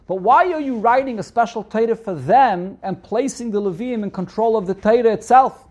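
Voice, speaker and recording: A man with a Yeshivish accent and a fairly high voice gives a Torah lesson. He reads each Hebrew phrase, then explains it in English, repeating the main points. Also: fairly quick. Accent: Yeshivish English with Hebrew and Yiddish terms. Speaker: Torah teacher. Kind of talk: reading Hebrew text and translating it into English.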